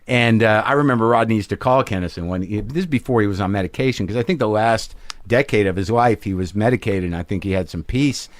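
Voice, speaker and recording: A man's voice: fairly low pitch, fast, hardly any pauses. A man hosting a podcast, talking reflectively with many fillers. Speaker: podcast host. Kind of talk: casual conversation.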